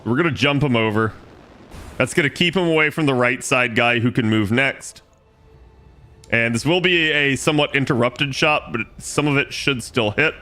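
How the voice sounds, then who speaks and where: A man's voice: medium pitch, bright, forceful tone. A man streaming a strategy game, casually explaining his moves aloud and swearing now and then. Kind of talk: casual gameplay commentary.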